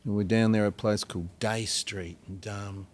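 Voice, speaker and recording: An Australian man, a singer-songwriter guest, telling rambling anecdotes with many pauses and acted-out quotes. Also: lowish voice, fairly even intonation, a little mellow. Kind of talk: storytelling in a podcast interview.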